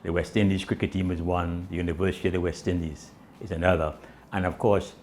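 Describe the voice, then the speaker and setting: A man's voice: fast talker, a little hiss or hum. A man telling comic stories in island dialect, acting out the people in his tales. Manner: animated, swinging pitch, voices the people in his tales. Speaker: storyteller.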